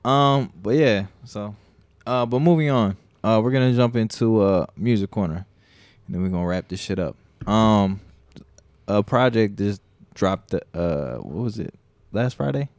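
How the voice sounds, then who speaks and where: Gravelly low-voiced man, casual podcast talk. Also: unhurried, no echo. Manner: profane, animated storytelling. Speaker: podcast co-host. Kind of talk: casual chat.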